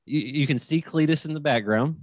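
A man's voice: a little high, brisk. A man hosting a podcast interview, asking long, friendly questions and often repeating words as he goes. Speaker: podcast host.

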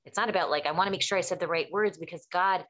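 A woman's voice: fairly low pitch, racing. A woman therapist explaining things in casual chat, acting out quoted dialogue as she tells stories. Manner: animated storyteller acting out quotes.

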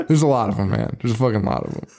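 Talking casually about a movie on his podcast, a man with a lowish voice and vocal fry curses freely. He's excitable and laughs a lot.

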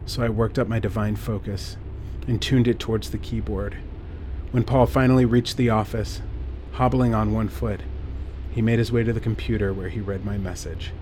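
A man reading a scripted horror story in a measured way, dropping to a hush at tense moments. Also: on the low side, fairly even intonation, slight background noise. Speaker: narrator. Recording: faint music underneath.

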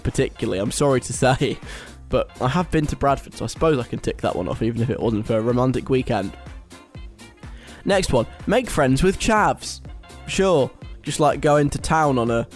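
A young British man hosting a radio show, reading a list aloud and mocking it in a chatty, wry way. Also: mid-range voice. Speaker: radio host. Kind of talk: casual radio talk.

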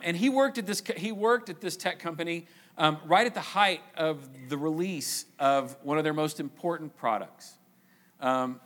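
A man preaching a sermon in church, stressing phrases with slow repetition and letting phrase ends trail off quietly. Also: mid-range voice.

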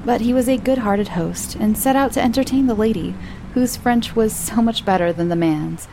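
A woman narrating a short story in a measured, even storybook reading. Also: a little high, gravelly, background noise.

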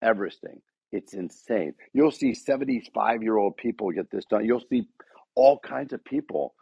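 A man's voice: fairly low pitch, normal speed, gravelly, warm tone, breathy edge, dry recording. A man giving a motivational talk to a sales team, rousing the room with repeated rhetorical questions. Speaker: speaker addressing a dealership sales team.

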